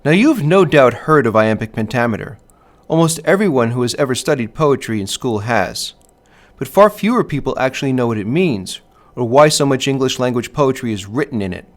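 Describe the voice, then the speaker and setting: A man narrating a scripted literature lesson in a clear, measured way, sounding out stress patterns as he goes. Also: medium pitch, expressive. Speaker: teacher.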